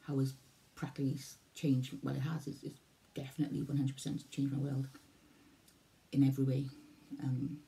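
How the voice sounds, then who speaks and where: Rambling gravelly-voiced Welsh woman vlogger. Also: rumbling low, flat delivery, brisk, warm tone, slight background noise. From Wales. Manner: rambling, repeats herself, loses her thread. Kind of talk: casual vlog talk to camera.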